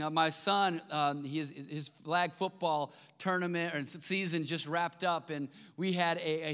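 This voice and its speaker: A man preaches in a conversational, animated style, pushing some lines out loud and dropping others to a hush. His voice is bright and forceful, sitting a little high for a man. The sound carries the long reverb of a church hall. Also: clear, resonant tone. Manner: conversational, animated, swings between loud emphasis and soft storytelling. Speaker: pastor. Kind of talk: sermon. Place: church sanctuary.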